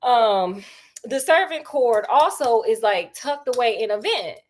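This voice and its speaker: A woman storyteller retelling a classic detective tale in a chatty, slangy, animated way. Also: on the high side, a little slow, background noise. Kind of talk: casual comic story retelling.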